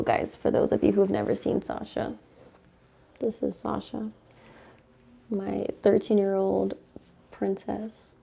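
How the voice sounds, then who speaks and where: A young woman gives a casual tarot reading to camera in a chatty, easygoing way. Her voice is mellow and dark-toned at a middle pitch, and she slips into soft, affectionate cooing when she talks to her dog. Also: flat delivery, unhurried, gravelly, long pauses, breathy edge. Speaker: tarot reader.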